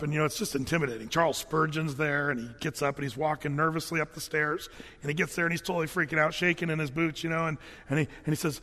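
High-voiced preacher in a reverberant hall. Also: male voice, fast talker. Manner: animated storytelling, folksy asides. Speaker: pastor. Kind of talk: sermon.

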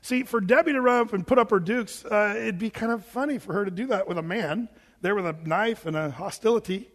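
A pastor preaching a sermon in a joking, animated way, acting out quoted voices as he goes. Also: high voice, fairly quick. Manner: jokey, acts out quoted voices; self-described big guy. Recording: long reverb of a large hall.

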